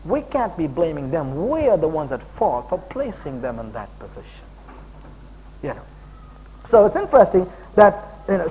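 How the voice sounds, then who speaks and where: A middle-aged man from India preaching a sermon as a guest, jokey and animated, often breaking into high emphatic exclamations. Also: poor audio.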